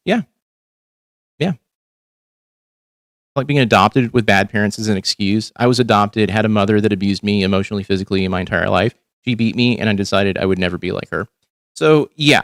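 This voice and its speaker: A man's voice: lowish voice, fairly bright tone, no echo, clean studio sound. A man hosting a casual livestream, talking candidly and rambling with frequent ums and swearing. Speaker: livestream host.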